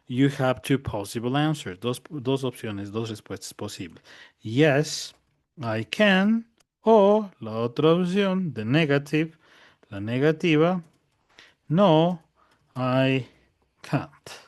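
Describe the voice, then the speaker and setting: A man's voice: fairly high pitch, animated, slow pace, no room sound, clean studio sound. Patient male teacher leading an online class. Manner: patient, repeats each point and checks understanding. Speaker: language teacher.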